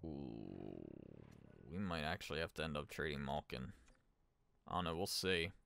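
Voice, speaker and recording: A man's voice: extremely low pitch, sing-song, normal speed, creaky, a bit bright, slight background noise. A man giving casual gameplay commentary as a streamer, thinking aloud and chatting with his viewers. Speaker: gaming streamer.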